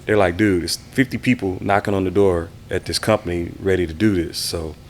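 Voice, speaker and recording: A man from the Houston area with a very low voice sits for a casual interview. He reminisces in a relaxed, easygoing way and slips into quoting the people he talks about. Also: brisk, slight background noise. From Houston area, Texas. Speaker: interview guest, DJ and producer.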